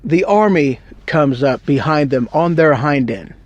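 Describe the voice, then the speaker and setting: A man's voice: on the high side, lively intonation, unhurried, darkish tone, no echo, dull audio. A man telling a Bible story in a casual, rambling, joking way with slang. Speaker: Bible teacher.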